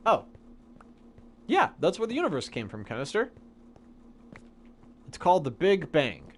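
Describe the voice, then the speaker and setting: A man's voice: high voice, huge pitch swings, measured pace, slight background noise. A young man live-streaming a game, casually and patiently explaining science questions from chat.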